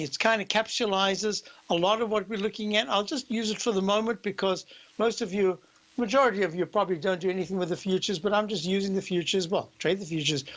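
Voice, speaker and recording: A man's voice: high voice, fairly bright tone, rough recording. An older man with a South African accent, hosting a radio show and walking listeners through market charts in a rambling, conversational way. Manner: rambling, conversational, explains slowly. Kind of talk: market commentary.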